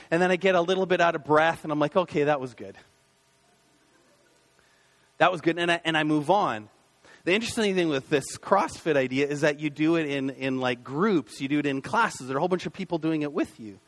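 A man in his thirties gives a relaxed, conversational sermon from the pulpit. His voice sits high for a man, and he talks with plenty of fillers and restarts. He often slips into the inner voices of doubt he is describing. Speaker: pastor. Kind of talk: casual sermon.

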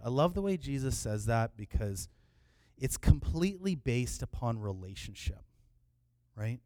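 A middle-aged man preaching a sermon in a relaxed, conversational way, often restarting his phrases. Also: mid-range voice, measured pace, no echo. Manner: conversational, repeats words when restarting. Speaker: pastor.

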